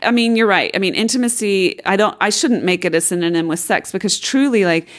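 A woman's voice: medium pitch, a little fast. A middle-aged woman co-hosting a casual chat with her husband, playful and fiery, laughing often. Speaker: podcast co-host. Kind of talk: casual married-couple chat.

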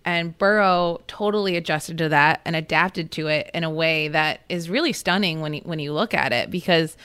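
A woman's voice: low voice, normal speed, fairly bright tone, clean tone. A woman football reporter on a podcast, telling stories in a chatty, casual way with many fillers and restarts. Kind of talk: casual chat.

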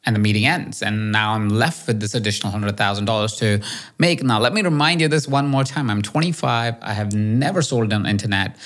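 A man from India, hosting a solo podcast and telling a self-mocking personal story with lively swings in pitch. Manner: animated, self-mocking, quick shifts in pitch. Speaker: podcast host.

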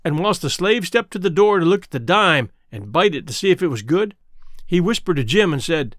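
A man's voice: high voice, very animated, a little fast, a bit bright, dry recording, studio quality. A man reading an audiobook aloud, narrating in a folksy dialect.

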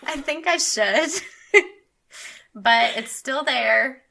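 A woman's voice: sits high, very slow, vocal fry, sharp tone. A woman in her thirties co-hosting a podcast, chatting casually in a giggly, self-deprecating way. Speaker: podcast co-host. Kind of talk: casual chat.

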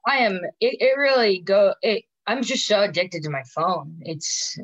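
A woman's voice: mid-range voice, expressive, normal speed, no echo. Rambling woman in her thirties, dull mic. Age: 30s. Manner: rambling storyteller, filler-heavy "like". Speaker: comedian guest. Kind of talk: casual podcast chat.

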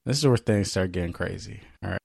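A man's voice: low voice, fast talker, creaky, slightly rough, dry recording. Profane man telling a story dry. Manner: animated, profane, acts out quoted voices. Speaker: podcast co-host. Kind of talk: casual storytelling chat.

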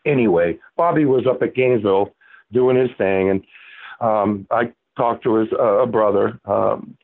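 A man's voice: fairly low pitch, measured pace, no echo. A man in his sixties from Florida, a guest telling a rambling story with many fillers and restarts. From Florida, USA. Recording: tinny phone-like line.

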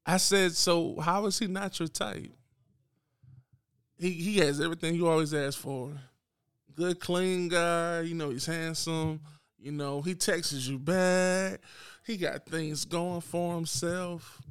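A man hosts his podcast in a blunt, unapologetic solo rant, talking straight at his listeners. His voice sits a little high with a gravelly, fry-laden edge. The sound is dry and close. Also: steady tone, slow pace, no room sound. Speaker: podcast host.

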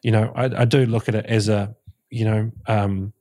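Reflective low-voiced man telling his story. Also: flat delivery, moderate pace, warm tone. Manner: reflective storyteller, many "you know"s. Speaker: podcast guest. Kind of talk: casual interview chat.

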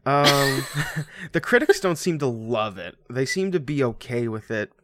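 A man co-hosting a podcast, chatting casually about a movie with quick jokes, asides and frequent laughs. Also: medium pitch, very animated, fairly bright tone, dry recording. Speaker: podcast co-host.

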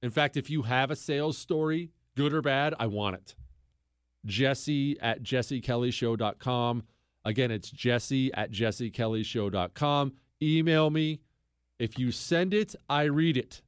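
A man hosting a radio talk show, telling a story in an animated, joking way and teasing his co-host. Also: medium pitch, a little slow, clean tone, no room sound, studio quality.

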